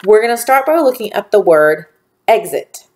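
A woman teacher giving a phonics lesson to young children, speaking slowly and clearly with encouraging praise. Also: medium pitch, lively intonation, a little mellow, slight background noise. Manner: slow, clearly enunciated, encouraging.

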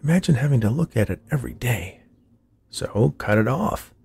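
A man voicing a brash, reckless young male orderly who talks in a cocky, offhand way, with a husky, creaky voice. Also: mid-range voice, expressive, moderate pace, darkish tone, no room sound, pitched above the performer's own voice.

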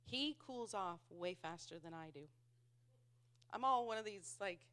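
A woman's voice: mid-range voice, expressive, measured pace, a bit bright. A married woman giving a church Bible teaching in a conversational way, laughing at herself and acting out the voices she quotes. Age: adult, married.

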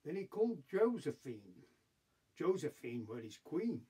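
Slow, husky Yorkshire storyteller. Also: male voice, on the high side, big pitch swings, mellow. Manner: broad dialect storytelling, puts on voices for the figures. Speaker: monologue reciter. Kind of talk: comic recited monologue.

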